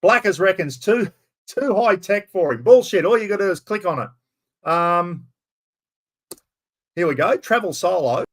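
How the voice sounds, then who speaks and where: An Australian man hosting a casual live stream, loud and rambling, swearing freely as he chats. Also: high voice, animated, unhurried, pauses often.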